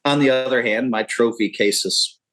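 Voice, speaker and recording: A man's voice: mid-range voice, moderate pace, a bit bright, rough recording. A man in his fifties, a poker pro talking as a podcast guest, rambling and candid with frequent profanity. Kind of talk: casual interview talk.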